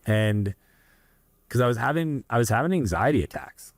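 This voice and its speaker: A man's voice: mid-range voice, sing-song, moderate pace, dry recording, clean studio sound. Earnest Canadian man telling his story. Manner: earnest, rambling, restarts and asides. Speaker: guest entrepreneur. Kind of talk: candid interview storytelling.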